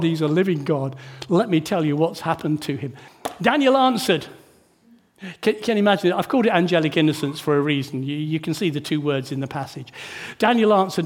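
High-voiced preacher, sermon with tag questions. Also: male voice, fast. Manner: rhetorical, full of tag questions to the congregation; swings between hushed and emphatic. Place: church.

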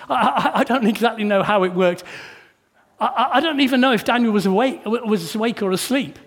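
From the pulpit, a man with a high-sitting voice preaches at a brisk pace, shifting from hushed tones to emphatic ones while throwing rhetorical tag questions at his congregation.

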